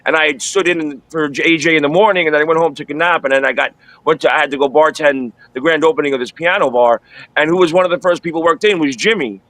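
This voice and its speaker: Bright-voiced, blunt, laid-back man. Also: on the high side, fast talker, no echo, low-quality recording. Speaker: guest, former radio worker and film-set stand-in. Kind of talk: casual storytelling in an interview.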